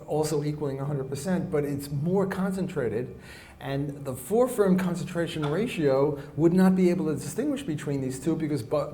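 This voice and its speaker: A man with a weak, soft voice giving a classroom economics lecture, often stopping to restart and rephrase as he walks around the room. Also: fairly high pitch. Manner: halting, often restarts and rephrases mid-sentence. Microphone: recorder clipped on, kept in pocket.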